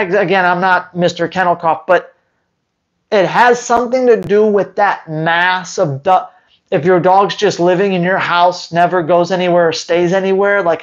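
A man's voice: high-pitched, normal speed, highs cut off. Blunt, emphatic man answering dog questions. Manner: blunt, emphatic, repeats his points. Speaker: dog trainer. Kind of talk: live stream Q&A.

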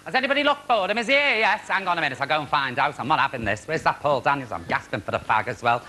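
A man's voice: medium pitch, animated, fast talker, bright, forceful tone, slight background noise. A man hosting a comedy sketch show in a female persona, with brassy camp patter. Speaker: drag comedy host. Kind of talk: comic sketch with studio audience.

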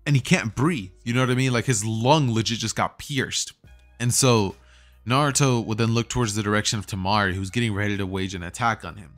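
A man's voice: fairly low pitch, fairly even intonation, fairly quick, a bit bright. A man narrating a fan story in a casual way, with fillers and restarts. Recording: faint music behind.

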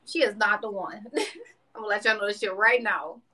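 A woman's voice: mid-range voice, a little fast, pushed and bright. A woman hosting a casual livestream, talking to viewers in a brash, boastful, profane way. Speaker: livestream host.

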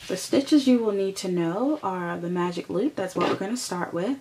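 A woman's voice: medium pitch, animated, normal speed, darkish tone, slight background noise. A woman hosting a crochet tutorial, patiently explaining each step and counting stitches aloud as she works.

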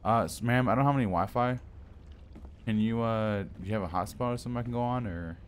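A man's voice: on the low side, fast, slight background noise. A young man giving casual, joking commentary as he plays a game on stream. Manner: chatty, joking, mild swearing.

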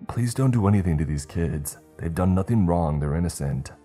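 A man's voice: sits low, normal speed, soft background music. Earnest scout leader voiced by a man. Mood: pleading. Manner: shouting urgently, pleading. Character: earnest, slow-witted adult scout leader.

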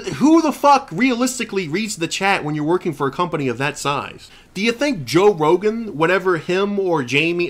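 A man's voice: fairly high pitch, fairly bright tone. A man delivering a heated, profane, sarcastic rant, repeating himself and restarting lines as he gets worked up. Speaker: YouTube commentator. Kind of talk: angry rant to camera.

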